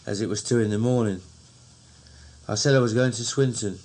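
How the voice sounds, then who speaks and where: A man with a Cockney accent, slowly and fondly recounting old memories in a recorded diary. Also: lowish voice, a little mellow. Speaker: narrator.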